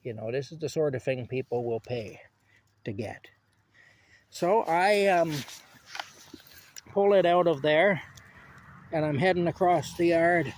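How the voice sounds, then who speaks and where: A man's voice: fairly high pitch, a little slow, pauses often, a little hiss or hum. Rambling man telling a work story. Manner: rambling, repeats himself, frequent fillers. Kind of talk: casual spoken anecdote. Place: outdoors while picking strawberries.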